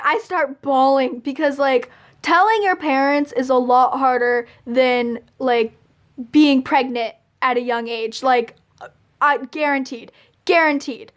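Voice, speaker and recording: Young woman vlogger, high bright voice, chatty confessional storyteller who keeps saying like. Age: young adult. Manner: fills nearly every phrase with "like"; chatty, confessional, laughs between lines. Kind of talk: casual storytelling to camera.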